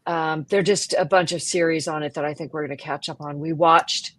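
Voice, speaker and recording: A woman's voice: low-pitched, fairly even intonation, a little fast, a bit bright, no echo. A woman in casual podcast chat, laughing easily and searching for words as she talks.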